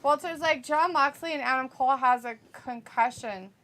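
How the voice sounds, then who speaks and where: Giggly high-voiced woman reading chat. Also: normal speed, over a noisy crowd. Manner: giggly, swears casually, laughs often. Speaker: co-host of a wrestling watch-along. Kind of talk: casual live chat, reading viewer comments aloud.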